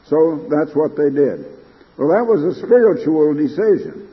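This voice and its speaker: A man's voice: a little high, big pitch swings, unhurried, in a large hall, dull audio. An older man preaching an emphatic broadcast sermon, his delivery rising to fervent peaks.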